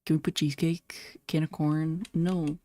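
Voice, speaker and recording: Low mellow-voiced girl streaming a game, blunt and sweary, bit hoarse, faint music behind. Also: level tone, measured pace, dry recording, clean studio sound. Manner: blunt, swears, laughs often. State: slightly hoarse. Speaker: VTuber streamer. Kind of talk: casual gameplay commentary.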